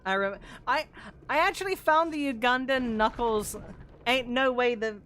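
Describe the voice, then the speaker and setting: A woman streaming a video game live, chatting casually, swearing often and breaking into loud outbursts. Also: fairly high pitch, moderate pace, slight background noise. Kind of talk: casual live gameplay commentary.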